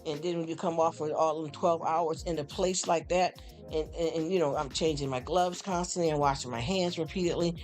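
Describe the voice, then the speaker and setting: A man on a casual live stream who talks straight to his viewers, rambling, heartfelt, often stammering and repeating himself. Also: high-pitched. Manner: talks straight to chatters, calls them honey and y'all. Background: faint background music.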